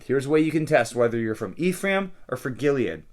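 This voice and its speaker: A man's voice: medium pitch, very animated, brisk. A man, a pastor, casually talking through a daily Bible reading and often checking in with listeners with "okay?" and "right?". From California.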